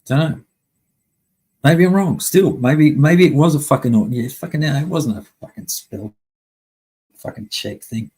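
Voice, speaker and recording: Male streamer, husky, blunt and profane, venting to chat. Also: on the high side, moderate pace, long pauses, a little mellow, poor audio. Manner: heavy swearing, angry and blunt. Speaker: live stream host. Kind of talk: casual live-stream rant.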